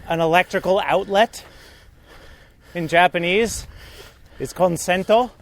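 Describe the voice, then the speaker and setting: A man's voice: high-pitched, measured pace, vocal fry. A man co-hosting a podcast, talking in a hesitant, hedging way during casual chat while hiking outdoors. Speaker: podcast co-host. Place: outdoor mountain trail.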